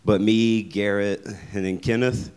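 A man's voice: fairly low pitch, steady tone, unhurried, a little mellow, clear, resonant tone. A young man casually sharing a testimony about church camp, in a rambling way.

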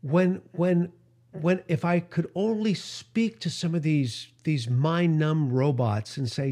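A man hosting a radio show and podcast, talking in an emotional monologue that climbs higher in pitch when he is outraged and sometimes stumbles over his words. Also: slow pace, dark tone.

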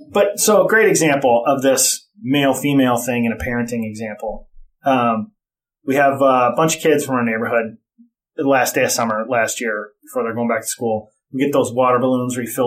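A man's voice: medium pitch, a little fast. A middle-aged man in casual chat, telling blunt, profane stories about parenting.

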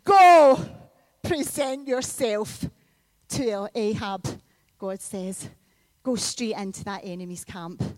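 A woman preaching a sermon in a church, telling a story with lively bursts of loud emphasis. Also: medium pitch, takes it slowly, no room sound. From Scotland. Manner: animated storytelling with sudden loud peaks.

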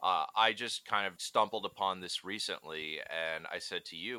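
Bright, crisp-voiced male podcast host. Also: sits low, normal speed, few pauses, no echo. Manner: laughs often, animated storytelling. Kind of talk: casual chat.

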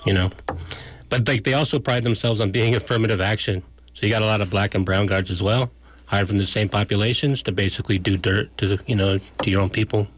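A man's voice: lowish voice, fairly even intonation, fast. A man, an activist guest on a radio show, gives a blunt and argumentative political analysis in casual speech.

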